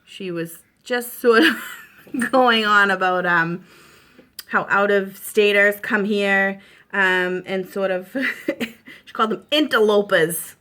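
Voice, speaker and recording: A woman's voice: mid-range voice, takes it slowly, pushed and bright. Chatty woman with a Boston accent. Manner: chatty, reassuring, lots of fillers. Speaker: makeup tutorial host. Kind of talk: casual makeup tutorial.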